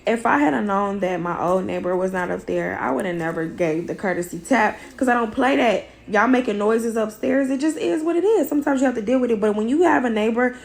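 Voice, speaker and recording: A hoarse mother, her voice worn out, recounting a fight in a blunt, emphatic, profane way. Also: on the high side, brisk, few pauses. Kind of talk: casual storytelling.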